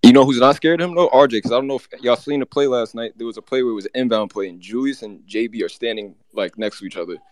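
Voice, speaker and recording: A man co-hosting, delivering a rapid, heated, run-on sports rant. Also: mid-range voice, no room sound. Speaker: co-host.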